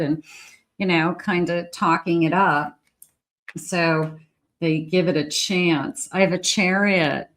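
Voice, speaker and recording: A woman giving a casual tarot reading to camera, musing aloud in an unhurried way and talking to spirit as she pulls cards. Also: on the low side, fairly bright tone. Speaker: psychic tarot reader.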